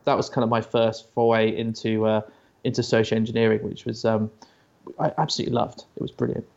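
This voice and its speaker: A man's voice: lowish voice, level tone, brisk, vocal fry, darkish tone, dull audio. A British man chatting as an interview guest, often stammering and restarting, telling stories. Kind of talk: casual interview chat.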